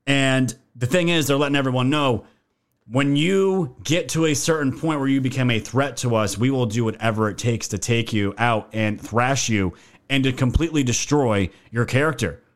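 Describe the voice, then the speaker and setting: A man's voice: mid-range voice, moderate pace. A man hosting a political commentary video, ranting in a heated, profane way and calling his viewers fam.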